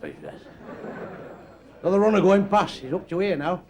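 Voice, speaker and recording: Older stand-up, blunt and deadpan, raised gravelly voice, live club with a faint crowd. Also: male voice, high-pitched, fairly quick, long pauses. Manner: blunt, crude, deadpan delivery. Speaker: stand-up comedian. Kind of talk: stand-up joke telling. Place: comedy club stage. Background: audience laughter.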